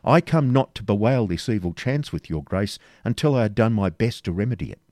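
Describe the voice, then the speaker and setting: A man's voice: fairly low pitch, lively intonation, a little fast, a little mellow, dry recording, clean studio sound, natural voice. A man voicing a calculating royal counsellor in an audiobook reading, speaking in formal old-fashioned phrasing. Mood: urgent, persuasive. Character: scheming adult male royal counsellor, cool and calculating.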